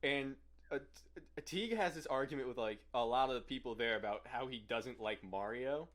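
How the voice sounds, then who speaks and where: A man's voice: medium pitch, moderate pace, fairly bright tone. A young man co-hosting a podcast, telling long rambling stories in casual chat, swearing freely and laughing between lines. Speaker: podcast co-host.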